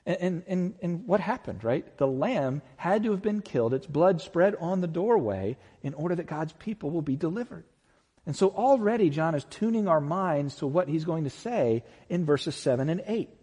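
A man preaching a sermon, conversational and animated, often turning to the listeners with questions and acting out the voices in the story. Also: on the high side, moderate pace, husky, big-room sound. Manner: animated, acts out voices in quotes. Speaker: pastor.

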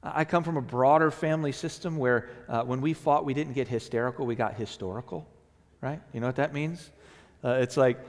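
A man preaching a sermon as a pastor, talking conversationally and acting out quotes in an animated way. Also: medium pitch, fairly quick, in a large hall. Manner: conversational, animated storytelling with playful acted-out quotes.

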